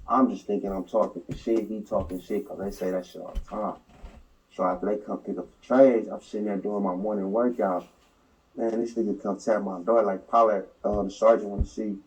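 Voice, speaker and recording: A man's voice: on the low side, a little fast, far from the mic, rough recording. A man telling a prison story in an interview, in heavy slang, acting out the quotes. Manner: slangy, animated retelling with acted quotes. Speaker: interview subject.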